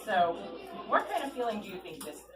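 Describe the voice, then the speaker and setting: A woman's voice: medium pitch, a little fast, far from the mic, over music. A woman author doing a storytime reading for children at an ice cream shop, coaxing them with questions. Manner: animated, coaxing, keeps asking the kids questions. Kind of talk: read-aloud storytime with children. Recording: echoey shop room, voice from afar, clear chatter.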